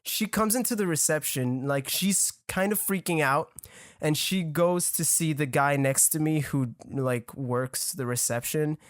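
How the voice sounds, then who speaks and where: A man's voice: a little high, measured pace, no room sound. Young man, French accent, rambling and swearing, casual podcast storytelling, dry close sound. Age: 20s. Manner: rambling, profane, laughing often. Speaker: podcast guest.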